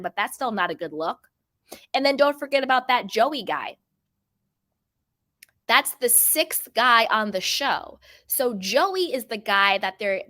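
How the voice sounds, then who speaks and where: A woman talks straight to her viewers about reality TV drama in a chatty, emphatic way. She often repeats a phrase to hammer a point home. Her voice is bright and forward. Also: medium pitch. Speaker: host of a pop culture channel. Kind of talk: reality TV gossip commentary.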